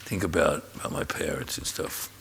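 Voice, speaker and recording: A man's voice: a bass voice, moderate pace, gravelly, fairly bright tone, breathy edge. A man interviewing a friend onstage at a live talk event, searching for words and rephrasing his questions. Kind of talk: onstage conversation.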